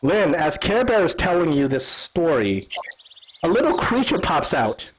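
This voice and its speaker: A man's voice: fairly high pitch, big pitch swings, measured pace, a little hiss or hum, rough recording. A man narrating as game master of a tabletop game, rambling with many fillers and restarts.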